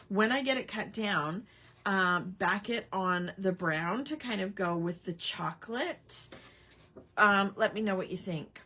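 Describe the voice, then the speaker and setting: A woman's voice: mid-range voice, bright, forceful tone, a little hiss or hum. A woman hosting a casual live crafting stream, rambling with lots of ums and chatting back to viewer comments. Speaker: crafting livestream host.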